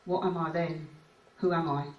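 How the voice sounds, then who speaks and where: A woman's voice: low-pitched, steady tone, normal speed, lo-fi sound. Woman clinician giving a conference talk, chatty, voice sounds far off with lots of room echo. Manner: conversational, recounts cases and reads out clients' words. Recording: echoey hall picked up from afar.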